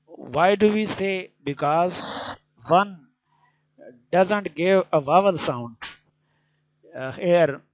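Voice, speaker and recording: A man gives an explanatory grammar lecture in a slightly high voice. He talks very slowly and deliberately, pausing often on hesitant fillers. The recording sounds a little dull and lo-fi. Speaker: English teacher.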